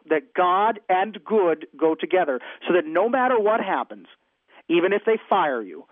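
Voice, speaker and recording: A man's voice: high-pitched, dry recording, phone-quality sound. A man who is a pastor, speaking earnestly on a radio talk show, repeating phrases for emphasis and restarting often.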